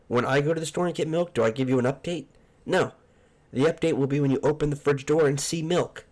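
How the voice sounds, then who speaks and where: A man's voice: a little high, fast, a little mellow. A man hosting a casual solo podcast from a room at home, talking in a profane, exasperated, ranting way. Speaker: podcast host. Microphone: headphones and desk mic.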